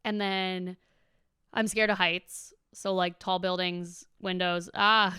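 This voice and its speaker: Smooth-voiced chatty young woman. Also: mid-range voice, fairly even intonation, unhurried, pushed and bright, dry recording, studio quality. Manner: rambling and chatty, heavy use of "like", swears casually. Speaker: vlogger. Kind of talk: casual chatty vlog.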